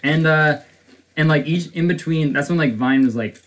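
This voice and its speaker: A man's voice: a little high, moderate pace, a bit bright. Young man rambling through a story. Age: young adult. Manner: rambling storyteller, swears a lot, acts out quotes. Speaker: podcast co-host. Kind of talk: casual chat.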